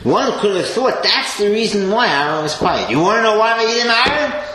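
A man teaching a Torah class with an animated delivery, swinging between loud emphasis and quiet asides and sprinkling in Hebrew and Yiddish terms. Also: sits high, normal speed. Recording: echoey room with faint noise.

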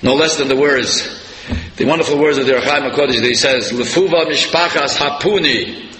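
Animated man lecturing in an echoey hall. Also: medium pitch, brisk. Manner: animated storyteller, voice leaping up for emphasis. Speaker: rabbi giving a Torah class. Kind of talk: sermon-style Torah lecture. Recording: echoey hall, faint room noise.

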